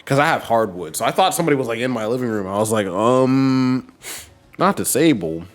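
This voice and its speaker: A man's voice: medium pitch, lively intonation, fairly quick, soft background music. A man streaming a game, chatting casually as he plays and talking to his team and viewers. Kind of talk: casual gameplay commentary.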